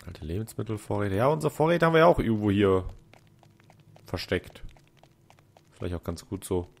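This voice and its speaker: A man's voice: lowish voice, big pitch swings, brisk, vocal fry. A man giving casual, mumbled commentary while playing a video game. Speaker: let's play commentator.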